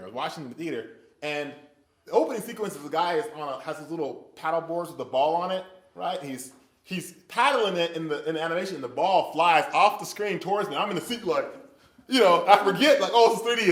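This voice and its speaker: A man leading an interactive bible study, telling stories and acting out little voices and sounds as he asks the group questions. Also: on the high side. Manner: animated storyteller who acts out little voices and sounds. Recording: echoey room.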